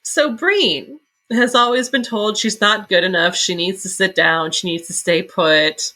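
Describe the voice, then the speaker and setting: A woman's voice: mid-range voice, unhurried, sharp tone. A woman co-hosting a podcast, blunt and laughing often, swearing freely in a casual book review. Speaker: podcast co-host.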